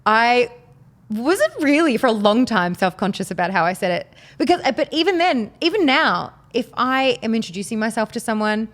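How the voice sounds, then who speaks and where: A woman's voice: a little high, moderate pace. A woman with an Australian accent, chatting casually as a guest and laughing often. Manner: lively, laughs often, restarts words. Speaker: guest, actress and poker host. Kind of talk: casual chat.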